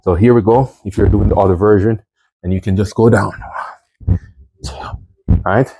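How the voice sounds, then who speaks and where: A man's voice: on the low side, steady tone, normal speed, mellow, husky, poor audio. A man coaching a home workout while doing it, counting reps aloud and checking in with "right?" and "okay?", his voice strained from exercising. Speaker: fitness instructor.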